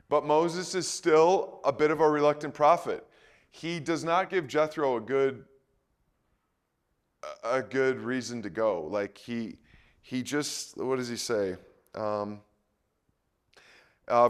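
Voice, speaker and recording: A man's voice: medium pitch, clear, resonant tone. A man teaching through Bible passages in a casual, conversational way, with asides and frequent "okay?" checks.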